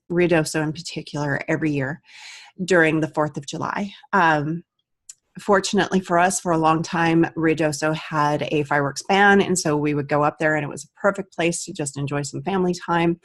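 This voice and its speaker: A woman in her thirties, an aromatherapist, earnestly telling a personal story to the camera. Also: lowish voice. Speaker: aromatherapist and vlogger.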